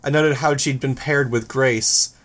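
A man's voice: mid-range voice, fairly even intonation, a little slow, fairly bright tone. Man reading a first-person novel. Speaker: audiobook narrator.

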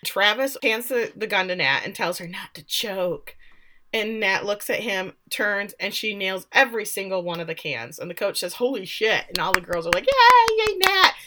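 A woman's voice: mid-range voice, normal speed, pushed and bright. A woman co-hosting a podcast, chatting through a TV episode and acting out the characters' lines. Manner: chatty, laughing, acts out quotes. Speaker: podcast co-host. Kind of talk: casual recap chat.

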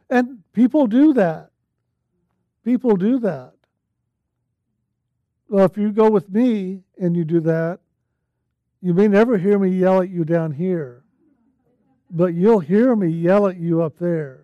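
A man with a high, soft-edged voice gives a spiritual talk at an unhurried pace. He speaks earnestly, at times bursting into loud, laughing exclamations. The recording is dry and slightly dull. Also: no echo. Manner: slow, earnest, bursts into yelling quotes and laughter. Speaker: spiritual teacher.

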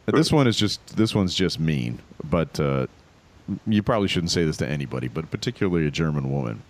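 A man co-hosting a casual comedy podcast, telling stories in a wry, animated way. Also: extremely low pitch, a little fast, no room sound. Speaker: podcast co-host.

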